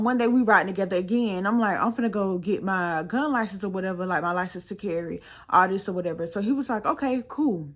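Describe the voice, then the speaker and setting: A woman's voice: medium pitch, fairly bright tone. A young woman casually telling a personal story on her vlog, chatty and full of slang, often quoting what others said. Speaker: storytime vlogger.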